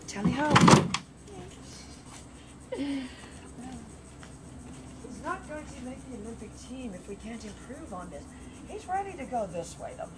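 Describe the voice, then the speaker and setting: A woman's voice: a little high, very animated, moderate pace, pauses often. Chatty playful woman trainer, outdoors. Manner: chatty, playful sing-song repeats. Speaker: dog trainer. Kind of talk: casual training demo talk. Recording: noisy outdoor recording.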